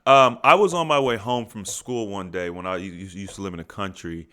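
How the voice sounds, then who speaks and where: A man's voice: lowish voice, a little fast. A man co-hosting a podcast, talking in a casual, storytelling way. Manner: storytelling, animated. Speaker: podcast co-host.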